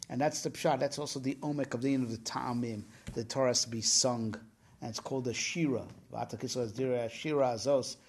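A man's voice: medium pitch, a little mellow, breathy edge. A man teaching Torah in a casual discussion, often repeating himself and checking in with "right?".

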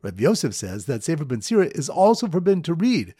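A man with a slightly high, husky voice teaches Talmud through playful memory stories. His pitch leaps around as he tells them, recorded close and dry with no room sound. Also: a little fast, no echo. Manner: lively storytelling with sudden pitch jumps. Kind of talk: mnemonic Talmud review lesson.

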